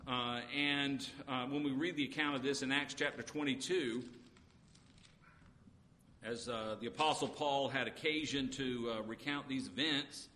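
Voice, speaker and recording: Bright and forceful in a mid-range voice, a man delivers an earnest sermon, alternating scripture readings with his own explanations and frequent "uh" fillers. Long reverb and faint background noise color the recording.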